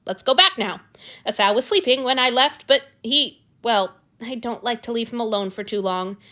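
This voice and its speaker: A woman voicing an ancient male god who is awkward and anxious, speaking in a tense, halting, stiff way. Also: fairly high pitch, pushed and bright. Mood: strained.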